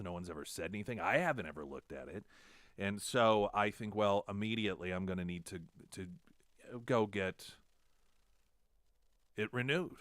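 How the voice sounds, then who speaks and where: A low-pitched man hosts a talk radio show, recorded dry and close in the studio. He tells a story about himself in a chatty, self-mocking way, and he acts out both sides of the conversation. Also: no room sound. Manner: self-deprecating, animated retelling with quoted dialogue. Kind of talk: casual storytelling on air.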